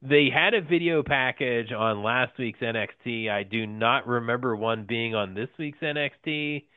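A man co-hosting a casual podcast, talking haltingly with lots of fillers and frequent laughs. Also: medium pitch, clear, resonant tone, no echo. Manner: halting, many fillers and restarts, laughs often. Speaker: podcast co-host. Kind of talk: casual wrestling podcast chat. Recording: tinny phone-like line, dry.

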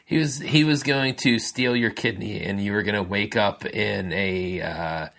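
A man's voice: on the low side, a little slow, creaky, fairly bright tone. A man in casual chat who laughs a lot and throws in dry jokey asides.

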